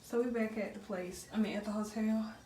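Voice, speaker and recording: A woman's voice: medium pitch, fairly even intonation, brisk, noisy background. A woman in her twenties talking casually straight to her viewers, vlogging on a phone camera. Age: 20s. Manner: chatty, speaks straight to viewers. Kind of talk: casual vlog talk to camera. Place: restaurant and hotel, in and out of doors.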